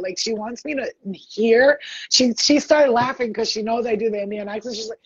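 A woman's voice: fairly high pitch, lively intonation, husky, no room sound, highs cut off. Blunt, chatty woman psychic medium. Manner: rapid, chatty and blunt, swears freely. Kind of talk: live online psychic reading.

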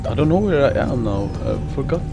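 A man's voice: medium pitch, vocal fry. A man commentating a horror game, easily frightened, swearing a lot, shrieking and talking himself down with repeated reassurances. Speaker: gameplay commentator. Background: game music.

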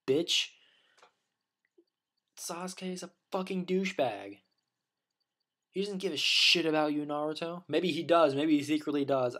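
A man's voice: on the high side, fairly bright tone. A man delivering a rambling, profane opinion rant as a vlogger, full of restarts and blunt insults.

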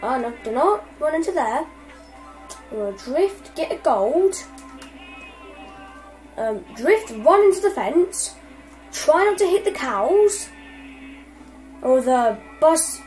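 A young woman giving casual, excitable commentary over gameplay and swearing constantly at her opponents. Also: high-pitched, takes it slowly, long pauses, low-quality recording. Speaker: gamer. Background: faint game music.

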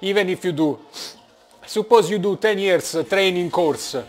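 A man from Italy with a strong Italian accent, talking in a casual vlog, animated and joking, blunt, with lots of filler sounds. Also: high voice, normal speed, faint music behind. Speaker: vlogger. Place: indoors, working in Germany.

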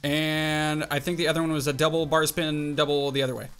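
A young man hosting a gaming channel, giving excited, jumpy commentary to himself as he plays a mobile game. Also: a little high, brisk, clean tone, soft background music. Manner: excitable, jumpy, talks to himself while playing.

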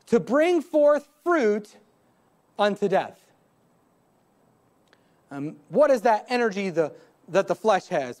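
A man, the pastor, preaching a live church sermon, building emphasis and retelling scripture scenes in quoted voices. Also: sits high. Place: church sanctuary.

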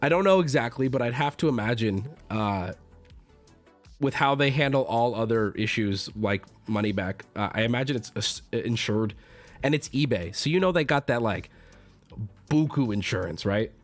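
A man streaming casually and answering his chat, excitable, swearing freely and jumping into loud outbursts. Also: medium pitch, moderate pace, faint music behind. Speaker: streamer opening card packs.

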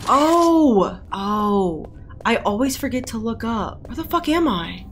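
Young female gaming streamer, jumpy and foul-mouthed; slow-ish delivery that breaks into shrieks. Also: on the high side, very animated, a little hiss or hum. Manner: jumpy, swears a lot, shrieks in fright. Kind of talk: live gameplay commentary. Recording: game music playing behind.

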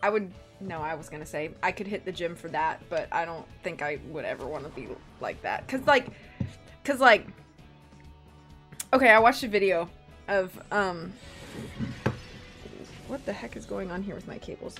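A young woman chatting casually on a live stream while playing a game, bubbly and excitable. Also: lowish voice, moderate pace, pauses often. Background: faint game music.

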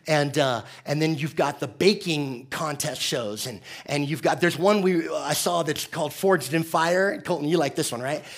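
A man's voice: on the high side, moderate pace, hardly any pauses. A man from the United States preaching a conversational, joking sermon as pastor.

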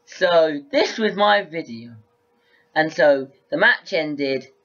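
A male football vlogger reviews a match to camera in a casual, rambling way, excitable and often repeating himself. His voice is a little high and slow, and the highs are cut off.

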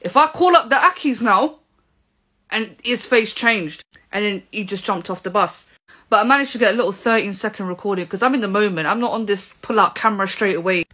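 A woman, telling a story in an animated, indignant way to camera. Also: mid-range voice, brisk. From England. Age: 20s. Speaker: vlogger. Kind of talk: storytelling vlog.

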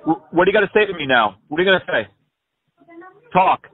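High-voiced guy doing a prank call, brash and swearing, tinny phone sound. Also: lively intonation, very fast, slightly rough. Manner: brash, profane, rambling absurd rants. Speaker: prank caller.

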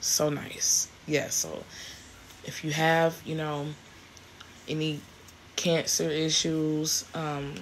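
A woman's voice: deep voice, fairly even intonation, takes it slowly, pauses often, slight background noise. A woman, chatting casually to camera in a vlog, grateful and rambling with many restarts. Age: 40s. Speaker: vlogger.

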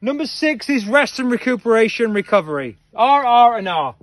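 A male head coach giving an upbeat, energetic coaching talk, quizzing listeners and calling them team. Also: very high voice, moderate pace, no room sound. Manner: energetic, playful.

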